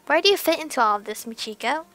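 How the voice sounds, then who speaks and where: A woman voicing a sly young sorceress who cursed men, reading game dialogue aloud in a calm, probing way. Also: high-pitched, fast, soft background music. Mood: cool. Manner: calm, cool, probing questions.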